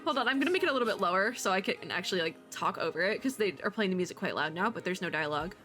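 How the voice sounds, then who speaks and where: Excitable bright-voiced woman reacting. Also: on the low side, rapid-fire. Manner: excitable, chatty, gushing reactions. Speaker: VTuber reacting to an animated short. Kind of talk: casual reaction commentary. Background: faint music from the video.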